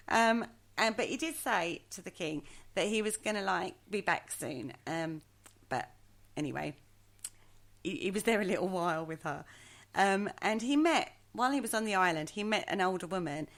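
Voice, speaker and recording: A woman's voice: medium pitch, lively intonation, normal speed. Chatty hesitant woman co-host. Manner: hesitant, chatty, self-mocking. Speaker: podcast co-host. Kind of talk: casual storytelling chat.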